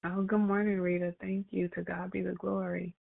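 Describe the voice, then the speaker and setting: A woman's voice: fairly low pitch, little pitch movement, moderate pace, gravelly, dry recording. A woman hosting a prayer call, greeting callers and affirming them with repeated praise phrases. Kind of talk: casual phone call greetings. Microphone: phone. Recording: tinny phone line.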